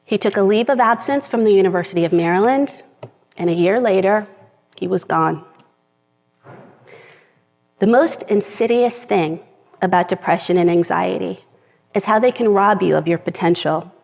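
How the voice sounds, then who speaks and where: A woman's voice: medium pitch, normal speed, vocal fry, long pauses, a little mellow. Earnest woman speaking in a reverberant hall. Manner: earnest, reads from a script, gets emotional at times. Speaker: speaker giving a talk. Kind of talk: personal talk to a live audience. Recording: long reverb of a large hall.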